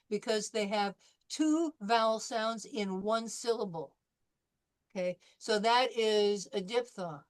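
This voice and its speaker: An older woman from California teaching a French class, chatting through anecdotes with fillers and restarts. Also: mid-range voice. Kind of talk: classroom lesson wrap-up.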